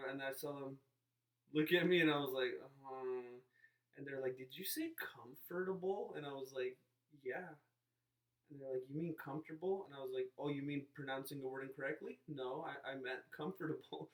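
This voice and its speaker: A man's voice: mid-range voice, fairly bright tone, far from the mic. Rambling man vlogging, roomy sound. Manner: rambling, self-interrupting, playfully mimics others. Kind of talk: casual vlog monologue. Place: inside a parked car.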